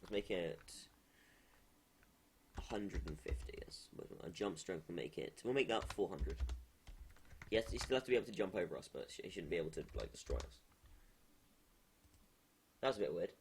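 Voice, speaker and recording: A man streaming live while he builds a game, thinking aloud in a halting way with many restarts. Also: low voice, expressive, a little hiss or hum.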